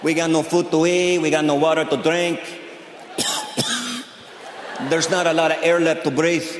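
A man putting on the voice of a trapped male miner, talking in a slow, mock-serious, gloomy drawl on a roomy stage. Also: fairly high pitch, huge pitch swings, a little hiss or hum. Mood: mock gloom. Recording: roomy stage with crowd ambience.

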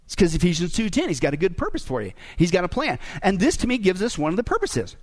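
A man's voice: high voice, sing-song, quick pace. A male pastor preaching a sermon, joking and asking the congregation rhetorical questions.

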